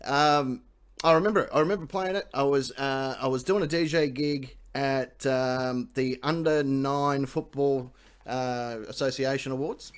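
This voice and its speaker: A man's voice: mid-range voice, measured pace, smooth. A man with an Australian accent hosting a live quiz show, joking, laughing often and swearing freely. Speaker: quiz host. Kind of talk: casual live quiz banter.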